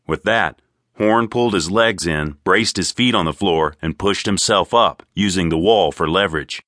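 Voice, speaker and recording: A man narrating an audiobook in an expressive, crisp storytelling manner. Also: low voice, normal speed, dry recording, studio quality. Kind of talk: scripted narration.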